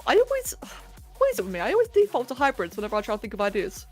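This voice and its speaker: This livestream host has a darkish, medium-pitched voice that races along with huge swings in pitch. While sculpting, she chats casually and muses aloud, poking fun at herself over faint electronic music.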